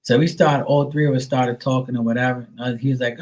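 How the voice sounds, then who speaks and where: On poor audio, a middle-aged live stream host speaks a little fast in a steady, darkish, medium-pitched voice. He tells viewers a wandering, profane story full of fillers, raising his voice to imitate others.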